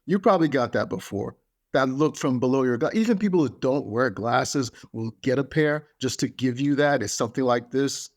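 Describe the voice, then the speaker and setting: A man talks through a motivational podcast monologue at a middling pitch, neither high nor low. He speaks emphatically and keeps hammering his points home by repeating phrases. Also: moderate pace.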